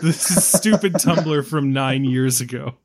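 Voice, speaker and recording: A man's voice: mid-range voice, unhurried, a little mellow. A man hosting a film podcast in casual chat, joking and laughing often. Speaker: podcast host.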